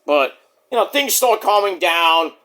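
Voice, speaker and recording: A man in his forties giving a casual, rambling, profane review, now and then mimicking others in quick put-on voices. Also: high voice, lively intonation, bright, forceful tone. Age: 40s. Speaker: wrestling show reviewer.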